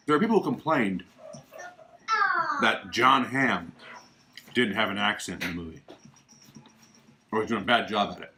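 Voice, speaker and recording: Chatty, opinionated man with a low voice. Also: animated, normal speed, long pauses, bright, forceful tone, slight background noise. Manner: chatty and opinionated, emphatic asides. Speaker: podcast host. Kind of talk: casual livestream chat about films. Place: home living room.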